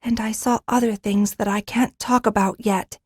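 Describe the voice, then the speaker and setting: A woman voicing a bold, eager young girl with the sight in an audiobook, proud and quick to exclaim. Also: a little high, no echo, studio quality, voice pushed up. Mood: hushed. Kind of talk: audiobook character reading.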